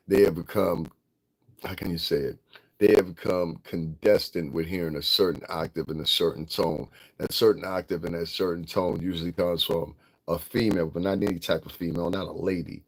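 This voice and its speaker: A middle-aged man from Connecticut, ranting bluntly and profanely in a casual livestream, laughing often. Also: low voice. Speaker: vlogger.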